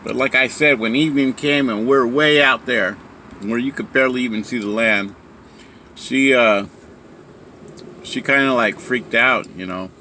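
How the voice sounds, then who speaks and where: Rambling man telling a story, bright tone. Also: medium pitch, a little slow, slight background noise. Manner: rambling, many fillers and restarts. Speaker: speaker sharing a story. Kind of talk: casual storytelling.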